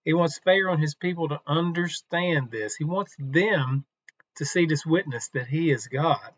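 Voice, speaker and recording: A man teaching from the Bible in a relaxed, conversational devotional talk, unhurried and with some restarts. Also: on the high side, no room sound, muffled recording.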